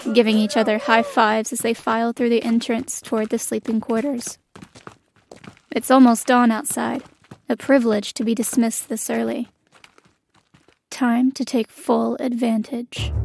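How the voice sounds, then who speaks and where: A woman's voice: a little high, gravelly, darkish tone. A young woman narrating in the first person as a bitter, magicless female elf soldier in an audio drama, her inner monologue defiant.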